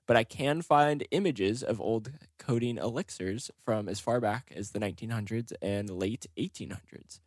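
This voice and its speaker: A man's voice: on the low side, no echo, clean studio sound. A man co-hosting a casual podcast, reading history notes loosely and laughing often. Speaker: podcast co-host.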